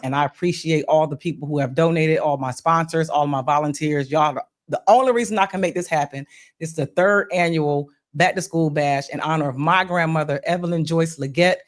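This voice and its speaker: A woman's voice: low-pitched, fairly quick. A woman from Pennsylvania hosting a casual podcast chat, talking to her audience in a folksy way and calling them y'all. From Pennsylvania, USA. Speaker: podcast host.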